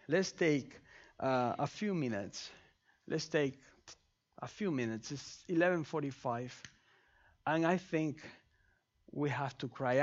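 A man's voice: medium pitch, lo-fi sound. A male pastor leading a sermon and altar prayer, pleading fervently and repeating his cries to God. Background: keyboard music.

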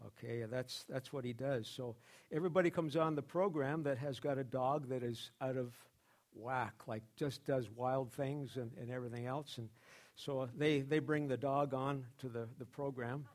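A man preaching a sermon as pastor, rambling with many restarts and fillers, and acting out quoted people in a higher, louder voice. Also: steady tone, moderate pace.

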